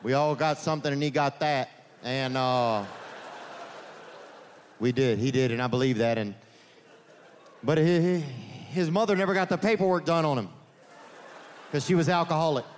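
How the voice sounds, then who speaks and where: A male comedian working a theater crowd, his slightly high voice wandering through loose, rambling stories. He sprinkles "man" and "you know" everywhere. The stage mic picks up a long hall reverb and a faint hum of the room behind him. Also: moderate pace, long pauses. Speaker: stand-up comedian. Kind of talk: stand-up comedy set.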